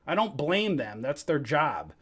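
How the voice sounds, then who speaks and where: A man in a heated, profane rant about the markets, bursting loud and then dropping to mutters. His pitch swings widely from line to line. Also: sing-song, measured pace, slightly rough. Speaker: stock trading educator. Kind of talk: angry livestream rant.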